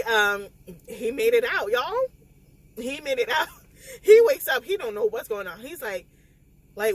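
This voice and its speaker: Animated tearful woman recapping a book. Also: a little high, rough recording. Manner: animated, emotional retelling with quoted dialogue. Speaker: book vlogger. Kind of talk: casual spoiler recap vlog.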